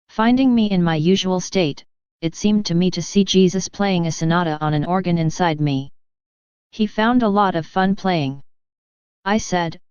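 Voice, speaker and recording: A woman giving a steady, reverent scripted reading of devotional writings in an even, measured way. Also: fairly low pitch, smooth, no echo, dull audio.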